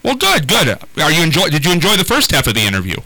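A man hosting a local morning radio show in a studio, chatting casually with co-hosts and callers, animated and self-deprecating with many restarts. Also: a little high, quick pace, dry recording, rough recording. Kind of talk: casual on-air banter and call-in. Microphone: studio microphone.

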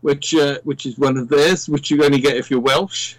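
An English man with a southern English accent talks easily in a casual radio chat. His voice sits a little high for a man, and the sound is dry and close to the mic. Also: steady tone, normal speed, no room sound, low-quality recording. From England. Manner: chatty, slips into other accents.

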